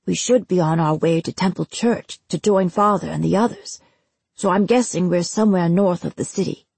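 A direct young swordsman with a hot temper talks plainly, voiced by a woman narrating a storybook. The voice is husky and gravelly. It sounds dry and close. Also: lowish voice, normal speed, darkish tone, dry recording. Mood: calm.

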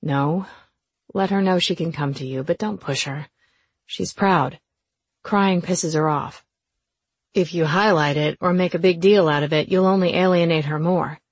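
A woman voicing an easygoing young man who jokes a lot but gives calm, dry advice in an audiobook. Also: on the low side, a little slow, breathy edge, dry recording.

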